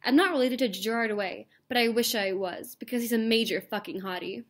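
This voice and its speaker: A young woman reading a fanfic aloud in a comic, mock-earnest deadpan. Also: fairly high pitch, fairly quick. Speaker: channel host. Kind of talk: comedic dramatic reading of a fanfic.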